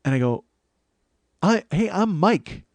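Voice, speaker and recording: A man's voice: sits high, slow pace. A man in his forties, a comedian and podcast host, telling a profane, exasperated comic story in a casual monologue. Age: 40s. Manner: profane, exasperated, animated retelling.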